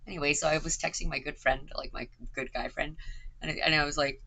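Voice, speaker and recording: A woman's voice: very deep voice, quick pace, vocal fry, bright, forceful tone, husky, low-quality recording. A woman, rambling on stream in casual chat, swearing and filling gaps with "like" and "um". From Canada. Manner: chatty, swears a lot, filler-heavy.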